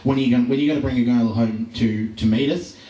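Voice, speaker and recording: A man's voice: mid-range voice, steady tone, quick pace, mellow, slight background noise, natural voice. A man voicing his worried, nagging middle-aged mother in a stand-up set, earnest and fretting. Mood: fretful. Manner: earnest, fretting, advice-giving. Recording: roomy live venue recording from far off.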